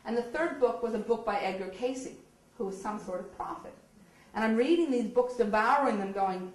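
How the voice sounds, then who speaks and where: A woman gives an animated storytelling speech, laughing often and slipping into the voices of the people she describes. Her voice sits a little high. It reaches the mic from a distance, with the echo of a hall around it. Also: normal speed. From eastern Canada. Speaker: speaker telling her story.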